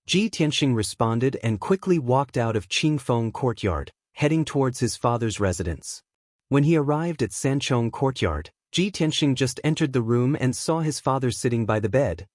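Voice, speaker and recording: A male narrator reads an audiobook in a steady, even delivery. His voice sits at an ordinary pitch. The recording is dry and close. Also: dry recording. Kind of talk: scripted narration.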